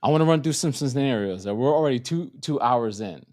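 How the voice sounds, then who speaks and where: A man's voice: medium pitch, animated, fast talker, a little mellow, no echo. A man tells stories in a loose, profane way, acting out the voices of the people he quotes. His recording is close and dry, with no room sound around it. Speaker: podcast co-host. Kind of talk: casual chat, storytelling.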